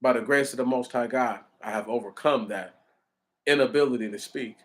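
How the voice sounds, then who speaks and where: A man's voice: medium pitch, brisk. A man reading the Bible aloud and explaining it in an earnest, candid, conversational way. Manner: once stuttered. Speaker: preacher.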